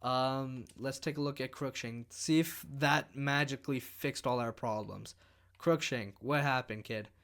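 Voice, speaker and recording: A man hosting a channel, giving casual commentary while playing a hockey management game. He mutters through stats and gets loud and excited when the game goes on. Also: mid-range voice, measured pace. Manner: muttering, then shouting excitedly during game. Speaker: gaming channel host.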